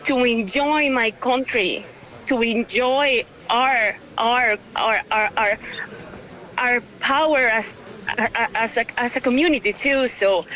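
Teary venezuelan woman in her 30s, highish sharp voice, keeps restarting and repeating herself. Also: low-quality recording. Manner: halting, full of restarts and repeats. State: tearful, overwhelmed. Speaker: interview guest. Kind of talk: emotional interview answer.

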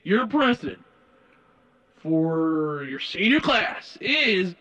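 Woman doing a slow dramatic school announcer. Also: fairly low pitch, sing-song, a bit bright, dull audio, full character voice. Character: male school announcer reading results.

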